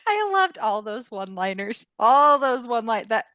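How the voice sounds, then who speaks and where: A giggly woman co-hosting a casual fan-fiction book chat, her voice sitting a little high. She laughs through many lines. The sound is dry and close, with no room around it. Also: sing-song, moderate pace, sharp tone, dry recording. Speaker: podcast co-host.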